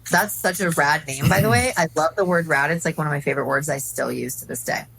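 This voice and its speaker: A woman in her forties chatting casually as a podcast guest, an effusive and animated storyteller. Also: low-pitched, quick pace, gravelly, husky, low-quality recording. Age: 40s. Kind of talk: casual spiritual chat.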